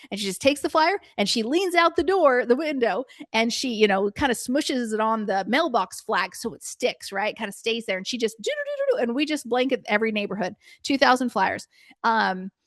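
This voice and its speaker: A middle-aged woman presenting a workshop as a preschool business coach. She tells stories in an animated way and acts out her own past reactions. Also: on the high side, no room sound, studio quality.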